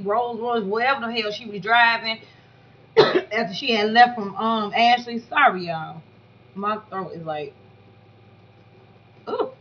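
A woman giving blunt, profane, animated commentary on a reality show in a casual vlog. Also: on the high side, slight background noise. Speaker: YouTube commentator reviewing a reality show reunion. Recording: dull lo-fi audio.

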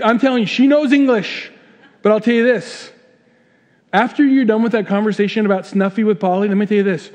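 Animated pastor preaching in a reverberant church. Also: male voice, sits high. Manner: animated storytelling, voices the people in his examples. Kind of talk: sermon. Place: church sanctuary.

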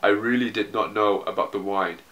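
A man's voice: lowish voice, steady tone, brisk, fairly bright tone, lightly acted. A man putting on an accented earnest soldier. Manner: reads in a put-on accent.

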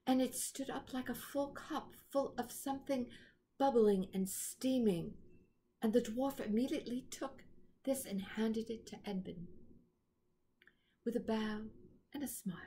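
Slow, careful woman storyteller. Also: on the high side, warm tone. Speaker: reader. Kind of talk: storybook read-aloud.

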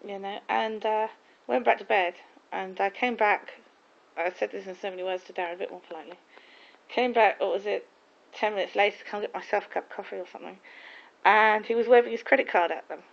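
A woman's voice: medium pitch, steady tone, fairly quick, creaky. A woman in casual chat, telling rambling, gossipy stories full of restarts. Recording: dull lo-fi recording.

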